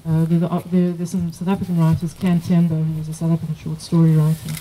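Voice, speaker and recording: A woman moderating a poetry workshop, explaining in a hesitant way with many pauses and fillers. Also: sits low, level tone, mellow, low-quality recording. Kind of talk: academic discussion. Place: workshop room.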